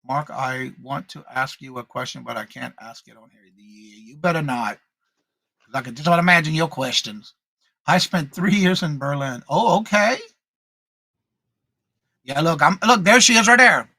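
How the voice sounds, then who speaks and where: A man's voice: fairly high pitch, moderate pace, pushed and bright, no echo. A man co-hosting a morning live stream, chatting casually, reading out viewer comments and greeting each viewer by name with the same welcome.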